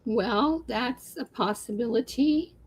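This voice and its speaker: A woman with a somewhat high voice talks slowly and deliberately. She is a guest on a casual call-in show and explains things in a measured, earnest way. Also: slightly rough, low-quality recording.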